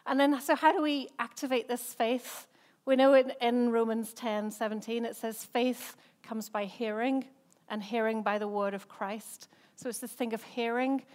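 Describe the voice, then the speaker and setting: An English woman preaches a sermon in a relaxed, chatty manner, often breaking off to ask the congregation questions. Her voice sits a little higher than most women's. She is middle-aged, and her accent has softened after years among Irish speakers. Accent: English, softened by time living in Northern Ireland. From England. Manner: conversational, chatty preaching with frequent restarts and rhetorical questions. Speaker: senior pastor.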